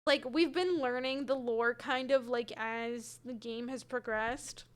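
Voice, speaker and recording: A woman's voice: on the high side, fairly even intonation, a little slow, clean tone. A young woman streaming a game from her room, chatting casually, hedging her answers and replying to viewers by name. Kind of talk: casual gameplay chat, reading chat. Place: home room with her cat.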